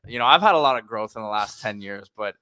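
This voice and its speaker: Male panelist, bright edgy tone, teasing and halting, dry close mic. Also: fairly low pitch, animated, dry recording. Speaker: podcast regular. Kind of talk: casual sports chat.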